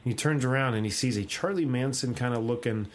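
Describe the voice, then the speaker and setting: Young adult man, podcast host, casual rambling recap, mid-pitched. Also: quick pace, slight background noise. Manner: rambling, laughs often, acts out quoted lines. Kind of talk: casual chat, retelling a comic.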